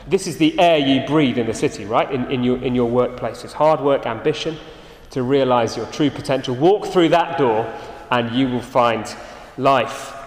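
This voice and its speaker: A man preaching a sermon, earnest and emphatic, his phrases often sinking soft and low at the end. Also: moderate pace. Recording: echoey hall, reverberant.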